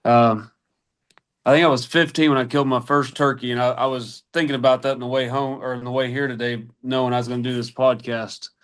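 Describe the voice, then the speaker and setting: A man from Arkansas, a podcast guest telling long, rambling hunting stories in a casual way. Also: mid-range voice. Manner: rambling, animated anecdotes. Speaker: podcast guest, turkey hunter. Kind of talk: casual storytelling.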